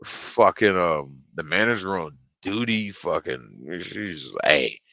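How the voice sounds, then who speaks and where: Brief: blunt, profane male streamer spinning a story, bright and animated. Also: low-pitched, takes it slowly, dry recording, lo-fi sound. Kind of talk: casual storytelling.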